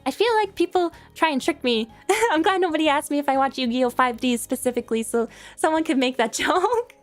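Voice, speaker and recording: A young woman with a high voice rambles through viewer questions in a loose, giggly chat, often poking fun at herself. Faint music plays under her talk. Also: animated, a little fast. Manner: giggly, rambling, self-deprecating. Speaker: streamer.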